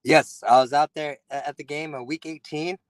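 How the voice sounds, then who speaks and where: A man calling in to a sports show, talking in an earnest, excitable way and repeating himself for emphasis. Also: a little high, moderate pace, no echo, rough recording. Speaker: caller, football fan. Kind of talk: call-in conversation.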